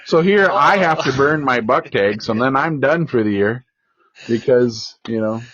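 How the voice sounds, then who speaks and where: A man hosting a casual podcast chat, telling a hunting story in a lively way and acting out the voices of people in it. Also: medium pitch, unhurried. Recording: dull, dry lo-fi sound.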